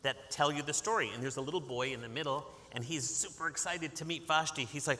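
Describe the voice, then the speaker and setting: Bright, coaxing man reading a picture book aloud. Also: fairly high pitch, quick pace, hardly any pauses, a little hiss or hum. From Massachusetts, USA. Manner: lively, coaxing, invites call-and-response. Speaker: author reading to children. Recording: long hall reverb.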